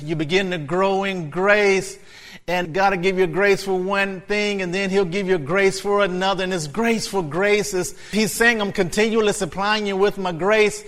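A man delivers a sermon in a high, bright voice at an unhurried pace. He chants the same words again and again, building to shouts. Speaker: preacher.

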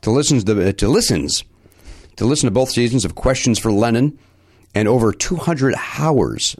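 A man hosting a comedy podcast in casual banter, reading listener mail and ads with deadpan jokes and crude tangents. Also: medium pitch, normal speed, husky, no room sound, studio quality. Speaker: podcast host.

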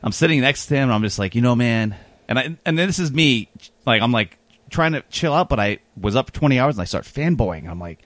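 A man's voice: mid-range voice, expressive, no room sound. A man telling a rambling, self-deprecating travel story in a casual podcast chat. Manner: rambling, self-deprecating, quick anecdotal delivery.

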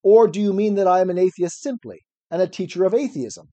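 A man with a high, mellow voice reads briskly and lightly acted through a classic dialogue, though the recording sounds muffled. He portrays an elderly philosopher on trial, ironic and probing in cross-examination.

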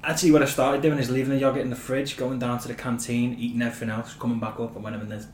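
A man's voice: medium pitch, flat delivery, very fast, a little hiss or hum. A man hosting a casual podcast chat, playful and full of questions. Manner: playful, asks questions, laughs. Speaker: podcast host. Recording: roomy echo with faint ambience.

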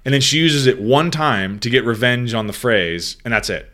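A man's voice: medium pitch, normal speed. A man in casual, profane conversation, talking through a TV series with a friend. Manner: profane, animated storytelling. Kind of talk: casual chat.

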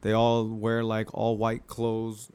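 A man's voice: on the low side, monotone, slow, darkish tone, clear, resonant tone. A young man chatting casually, swearing freely and acting out scenes with quoted voices as he retells a story. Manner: loose and profane, acts out scenes in quoted voices. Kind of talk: casual chat.

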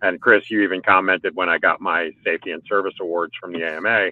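A man with a deep, low voice chats loosely about coaching motorcycle riders, stacking fillers and restarts as he goes. He is heard over a narrow, phone-like line. The sound is dry, with no room around it. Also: steady tone, fast talker, no echo. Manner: rambling, filler-heavy talk with restarts. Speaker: motorcycle track day organizer and riding coach. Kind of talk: casual podcast chat. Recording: phone-like call audio.

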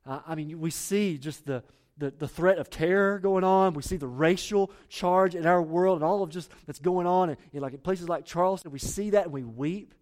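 A man's voice: high-pitched, moderate pace, a little mellow. A male pastor preaching a sermon to his church in an earnest, urgent way, restarting and repeating phrases as he builds his points.

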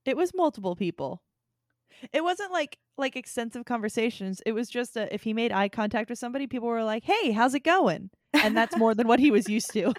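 A woman's voice: on the high side, animated, brisk, no echo, clean studio sound. A young woman co-hosting a casual chat podcast, telling stories and acting out quoted voices. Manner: chatty storyteller, bright quoted voices. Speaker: podcast co-host.

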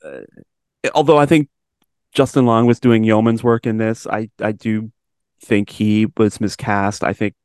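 A man hosting a film review podcast in casual chat, wry and joking with quick asides. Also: lowish voice, level tone, a little mellow, clean tone, no echo, clean studio sound.

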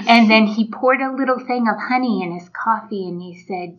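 A woman telling a reflective story in a casual faith conversation, often with soft laughs. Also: on the high side, normal speed, hardly any pauses. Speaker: podcast co-host. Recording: muffled lo-fi audio.

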